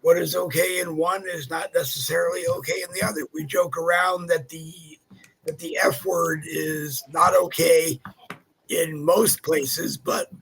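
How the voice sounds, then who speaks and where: A man's voice: fairly high pitch, fairly even intonation, measured pace, vocal fry, a bit bright, slight background noise, poor audio. A man from California, co-hosting a casual chat show and telling chatty anecdotes. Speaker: co-host.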